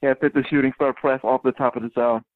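Quick-talking guy, deadpan quips, casual podcast chat, dry mic. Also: medium pitch, no room sound, phone-quality sound. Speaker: podcast co-host. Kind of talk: casual wrestling banter.

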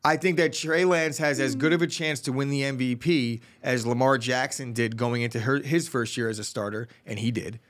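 Young man, mid pitch, relaxed, reads betting odds, confident opinions, casual sports chat. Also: normal speed, few pauses. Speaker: podcast co-host.

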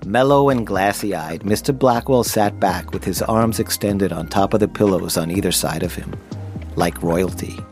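A man's voice: deep voice, normal speed, over music. Wry man narrating his memoir. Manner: wry, self-deprecating storytelling. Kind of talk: first-person audiobook narration.

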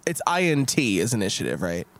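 A man's voice: fairly low pitch, sing-song, brisk, crowd noise. A young man playing a tabletop game, goofy and a little unsure of the rules. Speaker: player. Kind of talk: casual tabletop game chat.

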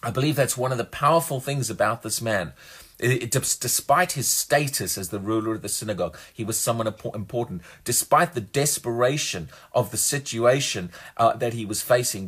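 A man's voice: lowish voice, fairly bright tone, husky. A man preaching a sermon, earnest and emphatic, often repeating words as he restarts a phrase.

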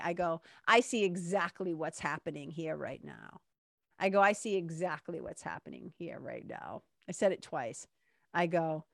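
A woman's voice: fairly low pitch, no echo, clean studio sound. A woman telling a personal story in an earnest, reflective way, acting out the dialogue she recounts.

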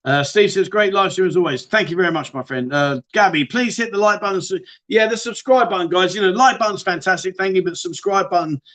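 Chatty high-voiced British man, livestream host. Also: fast talker, hardly any pauses, fairly bright tone. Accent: British English. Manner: chatty, matey, addresses viewers as mate. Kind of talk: casual livestream chat reading viewer questions.

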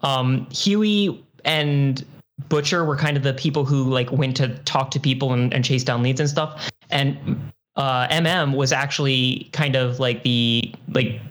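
A man's voice: mid-range voice, steady tone, unhurried, fairly bright tone. A man co-hosting a podcast in casual chat, explaining things at length and often restarting his words. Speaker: podcast co-host.

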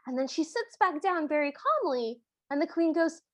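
This podcast co-host recaps a movie in a bright, high voice. She tells the story expressively and doesn't hold back her strong opinions in the casual chat. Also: lively intonation, normal speed, dry recording.

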